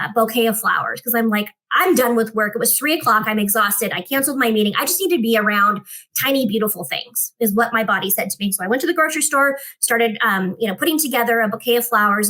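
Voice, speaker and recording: A woman guest on a podcast telling an animated story and acting out the dialogue in it. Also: fairly high pitch. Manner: expressive, acts out dialogue in her stories.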